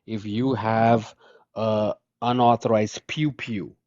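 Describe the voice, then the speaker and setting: A man's voice: lowish voice, fairly even intonation, slow pace, a little mellow, no room sound, muffled recording. A man calling in to a political live stream, arguing insistently and swearing. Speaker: caller. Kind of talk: heated political call-in argument.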